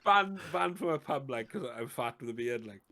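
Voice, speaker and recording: A man's voice: mid-range voice, expressive, normal speed, vocal fry, bright, forceful tone. A Welsh man in casual podcast chat, telling a story with swearing and laughter.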